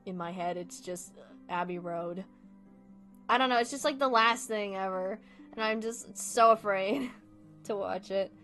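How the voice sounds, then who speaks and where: A young woman streamer talks in loose, rambling casual chat, often breaking into giggles and swearing freely. Her voice sits at an ordinary middle pitch. Faint music plays quietly behind her. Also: unhurried.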